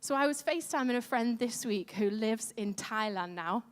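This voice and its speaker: Speaking at a moderate pace in a slightly high, expressive voice, this woman is a pastor on a church lead team. Her sermon in a big, reverberant church hall is chatty and self-deprecating, and she engages the audience with questions.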